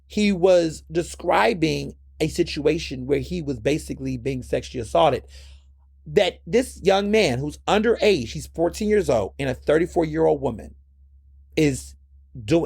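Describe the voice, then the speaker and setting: A man's voice: a little high, creaky, darkish tone, husky, no room sound, studio quality. A man hosting his own podcast, giving blunt, impassioned solo commentary and repeating words when worked up. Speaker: podcast host.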